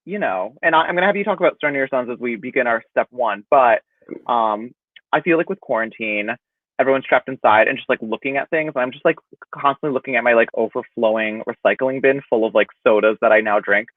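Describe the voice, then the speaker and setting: A young man hosting a casual livestream, chatty and animated, laughing often as he talks over a video call. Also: mid-range voice, a little fast, no echo. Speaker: host. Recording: tinny phone-like dry call audio.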